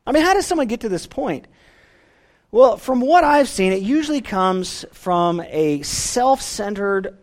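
A man delivers a sermon in a high, bright voice that swoops widely up and down. He lifts his voice when reading scripture dialogue aloud and sinks it low and quiet at the ends of phrases. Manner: dramatic swings in pitch and volume, drops low at phrase ends; reads scripture dialogue with raised, emphatic delivery. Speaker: preacher.

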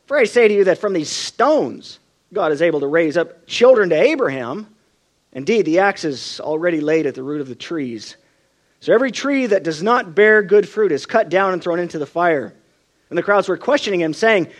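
A man preaching a sermon with a high, lively voice that swoops up and down. He tells his stories with feeling and acts out the voices of the people in them. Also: moderate pace. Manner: expressive storytelling, acts out quoted voices.

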